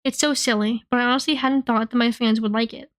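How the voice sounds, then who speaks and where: A woman reading a novel aloud in the first person, telling the story in an expressive, earnest way. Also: fairly high pitch, quick pace. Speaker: reader.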